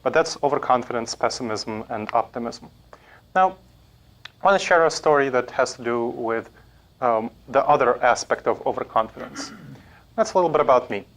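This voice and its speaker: A man's voice: medium pitch, normal speed, fairly bright tone. Man giving a laughing, chatty talk. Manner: laughs often while explaining. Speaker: speaker on decision making. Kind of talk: conversational talk.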